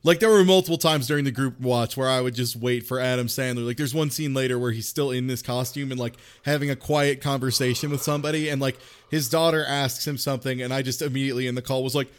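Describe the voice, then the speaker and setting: A man co-hosting a casual movie podcast, animated and mocking, swearing freely and slipping into quick impressions. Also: medium pitch, smooth. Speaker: podcast co-host. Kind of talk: casual chat, movie riffing.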